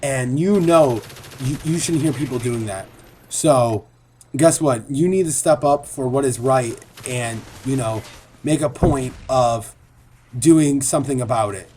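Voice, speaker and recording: A man's voice: mid-range voice, measured pace, dark tone, slight background noise. A man giving a casual, earnest video commentary as a gaming commentator, rambling and repeating himself.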